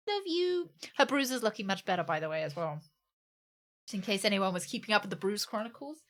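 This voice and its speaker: A woman's voice: mid-range voice, lively intonation, quick pace, fairly bright tone. A woman streaming live, chatting casually, cooing at her dog in baby talk and giggling as she thanks her viewers.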